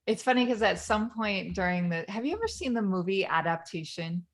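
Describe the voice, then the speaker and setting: A woman's voice: mid-range voice, sing-song, fairly quick. A woman co-hosting a podcast, casually retelling a film scene with frequent laughs and restarts. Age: parent of children. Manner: rambling storyteller, laughs often, retells scenes. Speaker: podcast co-host. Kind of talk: casual conversation.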